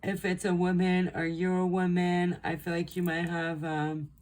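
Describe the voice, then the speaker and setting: A woman's voice: on the low side, flat delivery, moderate pace, a little mellow. A young woman giving a casual pick-a-card tarot reading, rambling and chatty with lots of ums and likes. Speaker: tarot reader.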